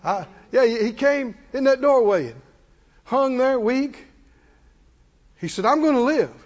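High-voiced older preacher. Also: male voice, expressive, slow. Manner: impassioned storytelling preacher, call-and-response. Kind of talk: sermon. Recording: echoey hall, dull muffled sound.

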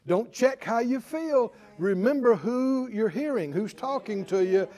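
A man preaching a sermon, animated and acting out Bible figures with chuckles. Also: very high-pitched, a little slow.

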